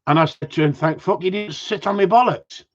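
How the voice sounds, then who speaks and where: A man's voice: high-pitched, brisk, dull audio. A man chatting casually to viewers in a rambling, cheeky way, swearing freely. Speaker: vlogger.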